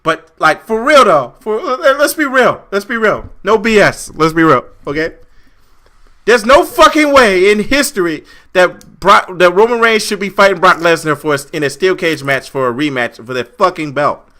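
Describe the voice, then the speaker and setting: A man's voice: high voice, expressive, normal speed, pushed and bright. A young man co-hosting a casual wrestling review podcast, ranting with lots of swearing and repetition. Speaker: podcast co-host.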